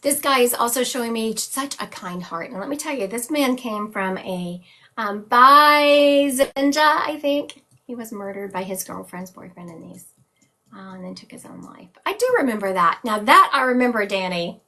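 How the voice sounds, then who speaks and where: A woman's voice: medium pitch, lively intonation, normal speed, sharp tone. A woman hosting a live psychic reading stream, relaying visions and chatting with viewers between readings. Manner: describes visions as "he is showing me". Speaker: psychic medium host.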